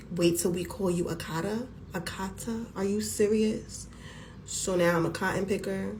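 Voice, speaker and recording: A woman's voice: medium pitch, darkish tone, slight background noise. A woman from the United States, ranting to camera in an emphatic, exasperated way. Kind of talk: vlog rant to camera.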